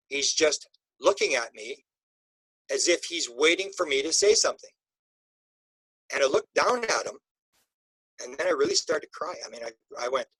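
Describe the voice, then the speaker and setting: A man, an interview guest, telling an emotional personal story in a halting way, with many restarts and repeated words. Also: a little high, fairly bright tone, slightly rough, no room sound, rough recording.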